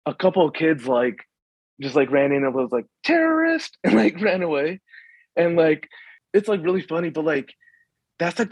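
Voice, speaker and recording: A young man from the Washington, DC suburbs talks in loose, halting bursts, packing his sentences with fillers and restarts. His voice sits at a middling pitch. The recording is dry and slightly muffled, with a lo-fi dullness. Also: no echo. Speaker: guest. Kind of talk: casual conversation.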